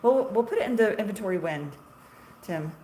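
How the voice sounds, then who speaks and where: A middle-aged woman hosts a casual livestream from her small shop. She talks in a chatty, self-deprecating way and laughs often. Her voice sits at an ordinary middle pitch, with a faint background hiss. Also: lively intonation, fairly quick, darkish tone. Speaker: shop owner selling marshmallows on a livestream.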